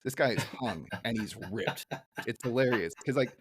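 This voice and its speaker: A man co-hosting a casual podcast, recapping a cartoon episode with lots of fillers and quick jumps into silly character voices. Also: a little hiss or hum. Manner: rambling, many fillers, breaks into silly high character voices when quoting. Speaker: podcast co-host.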